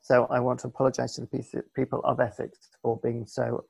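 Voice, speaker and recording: Gravelly, dry-humoured man. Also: mid-range voice, completely flat delivery, fairly quick, a little mellow, no room sound. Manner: dry, self-mocking, mock-pompous. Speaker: podcast co-host. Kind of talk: casual podcast banter. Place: home, on video call.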